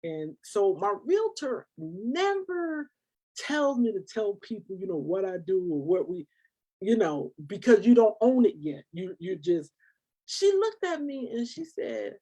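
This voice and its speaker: A woman's voice: mid-range voice, measured pace, poor audio. Woman telling a story with feeling. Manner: animated, emotional storytelling with quoted dialogue. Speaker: nonprofit founder. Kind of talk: personal storytelling in an interview.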